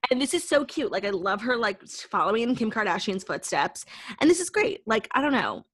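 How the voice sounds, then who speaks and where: A woman's voice: a little high, very animated, fairly quick, fairly bright tone, husky, no echo, clean studio sound. A young woman co-hosting a chatty podcast, gushing and peppering her talk with "like.". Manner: gushing, filler-heavy talk full of "like". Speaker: podcast co-host. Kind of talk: casual chat.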